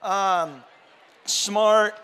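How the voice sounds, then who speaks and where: A man's voice: sits high, drawn-out words, pushed and bright, clear, resonant tone, long reverb tail. A man giving a storytelling sermon at a conference. He talks in a casual, slangy way and acts out his own quoted words. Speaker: conference speaker.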